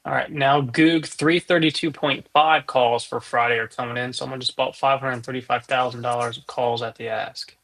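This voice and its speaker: Man, gravelly voice, trading stream co-host, calls out incoming orders. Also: medium pitch, steady tone, normal speed, few pauses, fairly bright tone. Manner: calls out trades as they come in. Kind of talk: casual market chat.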